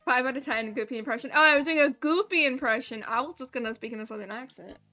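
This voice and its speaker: A woman's voice: sits high, fast talker, pushed and bright, faint music behind. A woman streaming a cozy game, chatting in a playful, silly, giggly way. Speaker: gaming streamer. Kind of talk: casual live-stream chat.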